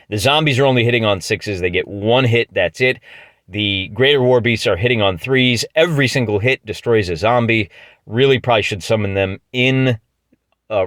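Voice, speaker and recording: A middle-aged man with a Midwestern American accent and a fairly low, fairly bright voice gives jokey, chatty narration of a tabletop battle he's playing alone. He often restarts mid-phrase, and the recording is dry.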